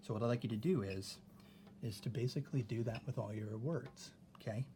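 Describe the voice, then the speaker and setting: A man's voice: mid-range voice, brisk, background noise. A man teaching a phonics lesson to a class, patiently sounding out vowels and syllables.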